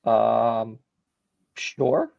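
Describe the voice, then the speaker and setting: A man narrating a tabletop game as game master, calm and dry-humored, on a dull lo-fi recording. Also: mid-range voice, drawn-out words, creaky, no room sound.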